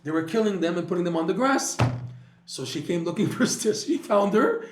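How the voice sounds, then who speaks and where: A man's voice: sits high, lively intonation, fairly quick, echoey room, over music. A man teaching a Torah class, telling a story animatedly with frequent restarts and repeated words.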